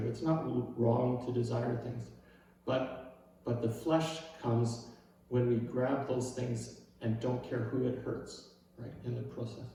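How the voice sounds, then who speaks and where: Man preaching a relaxed sermon. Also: medium pitch, creaky, heavy reverb, far from the mic, a little hiss or hum, low-quality recording. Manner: casual and self-deprecating, with frequent "right?" asides. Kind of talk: conversational sermon.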